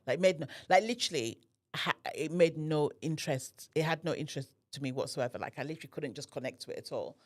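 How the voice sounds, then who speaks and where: A deep-voiced woman talks fast on a podcast, where she's a guest recounting something personal. She's animated and slips into the voices of others as she tells it.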